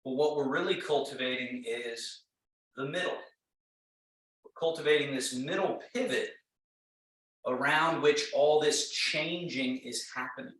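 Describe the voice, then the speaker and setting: A man teaching a tai chi class, giving calm, repetitive movement cues. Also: medium pitch. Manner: calm, slow, repetitive cueing. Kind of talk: guided exercise class instruction. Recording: very echoey room, mic far off.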